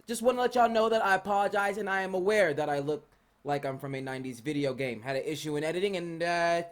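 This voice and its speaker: An American man hosting a casual interview, hyped and loud with lots of slang. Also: on the high side, fast. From United States. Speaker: interview host.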